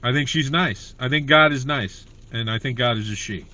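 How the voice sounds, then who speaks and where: Rambling livestream comedian man, bright voice. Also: mid-range voice, moderate pace. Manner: rambling, chatty, reading viewer comments. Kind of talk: casual livestream chat.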